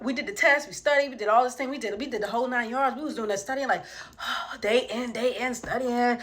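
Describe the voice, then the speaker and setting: A woman's voice: a little high, brisk, a bit bright. A young adult woman telling a comedic story casually, with lots of profanity, who acts out the voices of the people she quotes.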